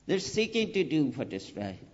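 A man preaching a sermon, earnest and deliberate, repeating his phrases and rising to emphatic pleading. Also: a little high, very animated. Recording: dull lo-fi recording with long hall reverb.

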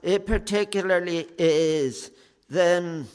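A man preaching a sermon with slow, earnest delivery, pausing often on "eh" and appealing with fervent "oh"s. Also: high voice, clean tone. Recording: long hall reverb.

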